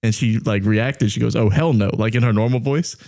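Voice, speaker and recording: A man's voice: on the low side, brisk, mellow. A man co-hosting a podcast in casual chat, telling stories with lots of fillers and frequent laughter. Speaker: podcast co-host.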